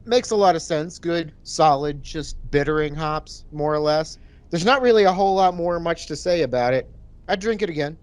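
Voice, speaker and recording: A man's voice: on the high side, normal speed, clean tone, no echo. A man co-hosting a podcast, describing a beer in a laid-back, rambling way. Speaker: podcast co-host reviewing beer. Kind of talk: casual chat.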